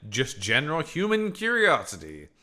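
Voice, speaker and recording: A man co-hosting a casual movie review chat, animated, acting out scenes in funny voices and laughing. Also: on the high side, moderate pace. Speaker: podcast co-host.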